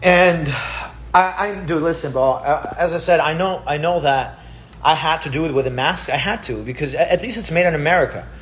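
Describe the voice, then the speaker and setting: A man's voice: a little high, fairly quick, a bit bright. A man with Russian as his first language, giving a heated, profane casual monologue and repeating himself. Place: Palm Springs.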